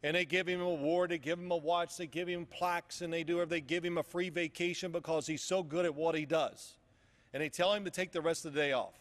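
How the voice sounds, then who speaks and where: A man's voice: fairly high pitch, fairly even intonation, fast, in a large hall. A man giving a casual motivational speech at a luncheon, telling a story in a rambling way with frequent restarts. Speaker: luncheon speaker. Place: luncheon event hall.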